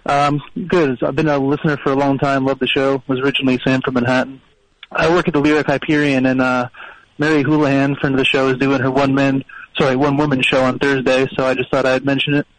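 A man calling in to a radio show, talking quickly in a flat, even tone. He sounds eager and friendly as he plugs a friend's performance. His voice is dry, with no room echo. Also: medium pitch. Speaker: caller. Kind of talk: casual call to a radio show.

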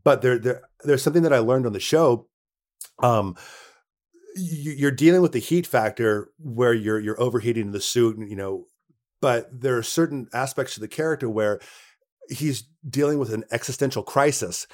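A man with a mid-range, slightly mellow voice speaks at a moderate pace as an actor guest in a casual interview. He tells stories from set, acting out the lines others said to him.

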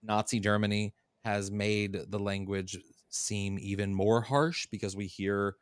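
Recorded in a clean studio without echo, a forties-aged co-host speaks in an unhurried, clear, resonant voice on the low side with fairly even intonation. His talk is loose and repetitive, full of stammers as he thinks aloud.

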